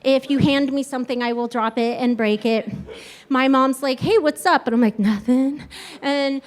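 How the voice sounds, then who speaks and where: High-voiced woman telling a comic story. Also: moderate pace. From Kansas, USA. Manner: animated, acts out quoted voices, swings between loud and hushed. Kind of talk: stand-up storytelling on stage.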